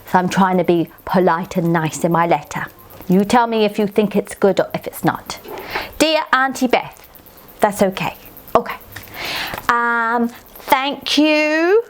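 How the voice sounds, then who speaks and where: A woman's voice: mid-range voice, a little slow, a little hiss or hum, natural voice. A woman voicing a cheeky, chatty little girl fairy who talks bluntly and straight to the listener in a children's story.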